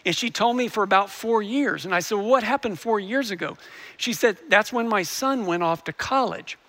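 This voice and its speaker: A man's voice: sits high, moderate pace, fairly bright tone. A male pastor preaching a sermon, earnestly telling a story and often restarting his sentences.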